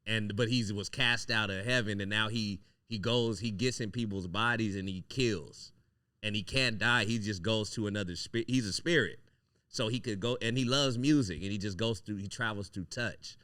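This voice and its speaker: A man's voice: fairly low pitch, moderate pace, bright, forceful tone, clear, resonant tone, no echo, clean studio sound. A man hosting a casual podcast chat, a rambling, profane storyteller who often restarts his sentences. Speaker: podcast host.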